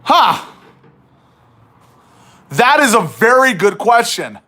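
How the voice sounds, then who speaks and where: Bright-voiced man hosting a chatty livestream. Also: extremely high pitch, big pitch swings, slow. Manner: chatty, teasing, reads viewer questions aloud. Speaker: livestream host. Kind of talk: casual livestream chat.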